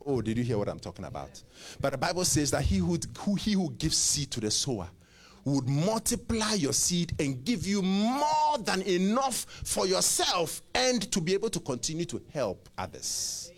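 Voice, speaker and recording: A man preaching a sermon with a lively, swinging pitch. He calls out to the congregation, repeats and stammers words, and breaks into sudden loud rises before dropping low again. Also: moderate pace.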